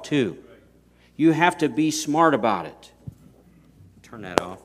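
A man's voice: fairly high pitch, big pitch swings, slow, long pauses. A man preaching a sermon in a folksy, emphatic way, often restarting his sentences and punching key words. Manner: folksy, emphatic, rising to loud stresses.

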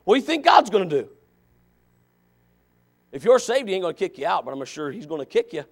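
High-voiced preacher, shouting then soft. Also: male voice, very animated, brisk. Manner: swings from quiet asides to loud shouted exhortation; folksy, joking, with sudden dramatic emphasis. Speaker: associate pastor. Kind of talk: sermon.

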